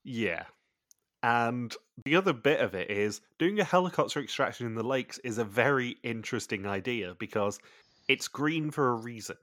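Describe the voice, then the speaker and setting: A man's voice: medium pitch, lively intonation, normal speed, a bit bright, dry recording, studio quality. A man hosting a podcast, chatting casually and recapping the plot of a TV show in long runs. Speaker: podcast host.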